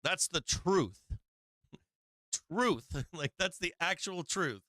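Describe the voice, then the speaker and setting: Bright-voiced blunt swearing man. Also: high voice, animated, extremely slow, dry recording. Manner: blunt, swearing, rambling with restarts; laughs often. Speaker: stock market live stream host. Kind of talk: casual profane market commentary. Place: home live-stream setup.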